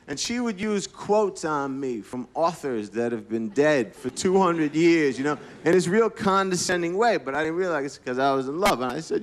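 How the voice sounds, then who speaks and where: A man's voice: fairly high pitch, expressive, normal speed. A man performing a stand-up comedy set, telling rambling, profane stories with restarts and acting out what people said, on a club stage. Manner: profane, rambling storytelling with restarts and acted-out quotes. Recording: live club recording with audience laughter and faint noise.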